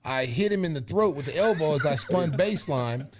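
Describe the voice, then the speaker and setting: Animated, laughing male podcast host. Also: a little high, brisk, a little hiss or hum. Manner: lively, laughs often while telling stories. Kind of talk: animated storytelling.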